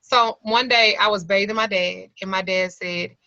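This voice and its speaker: Earnest woman telling a personal story, bright voice. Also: mid-range voice, steady tone, fairly quick, hardly any pauses, no echo. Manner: candid, colloquial, earnest storytelling. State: close to tears. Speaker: occult class teacher. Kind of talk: emotional personal testimony. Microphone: video call. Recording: slightly lo-fi video call audio.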